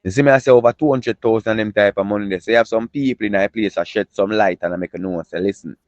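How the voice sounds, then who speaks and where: Lively Jamaican man hosting news. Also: fairly low pitch, quick pace, no room sound, highs cut off. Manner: animated, chatty, full of catchphrases. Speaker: entertainment news host. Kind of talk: casual news vlog narration in patois.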